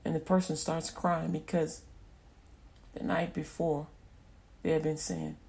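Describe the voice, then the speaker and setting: A woman giving an impassioned spoken testimony on the radio, swinging from hushed murmurs to loud emphatic bursts and repeating phrases fervently. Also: lowish voice, a little slow, vocal fry, long pauses. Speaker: radio preacher.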